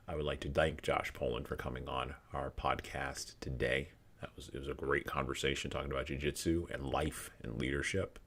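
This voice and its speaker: A man's voice: very deep voice, vocal fry. A man hosting a podcast interview, wrapping up with many hesitant ums and uhs. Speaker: podcast host.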